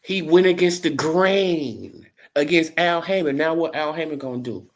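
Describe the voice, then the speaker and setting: A man's voice: fairly high pitch, moderate pace. A man hosting a casual boxing commentary stream, talking loosely and tagging points with rhetorical "right?". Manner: loose and repetitive, tags lines with "right?". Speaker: host.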